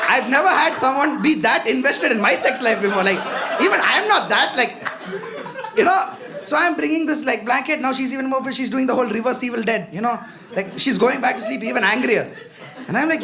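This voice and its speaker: A man's voice: very high voice, animated, a little fast. Young man doing stand-up. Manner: chatty, self-mocking, addresses the crowd often. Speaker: stand-up comedian. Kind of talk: stand-up comedy set. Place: comedy club stage with a live audience. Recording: live club with loud crowd laughter. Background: audience laughter.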